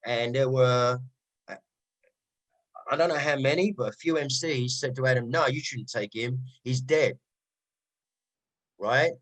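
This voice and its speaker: Cockney man, middle-aged MC guest, lively storyteller in a casual interview. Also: mid-range voice, slow, pauses often, rough recording. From East London. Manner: animated storyteller, frequent "right?" asides. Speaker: rave MC guest.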